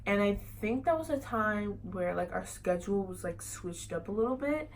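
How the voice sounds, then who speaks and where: A woman's voice: medium pitch, lively intonation, normal speed, a little hiss or hum, poor audio. Young woman rambling through a story. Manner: rambling, many fillers like "like" and "you know". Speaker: vlogger. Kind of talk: casual storytelling.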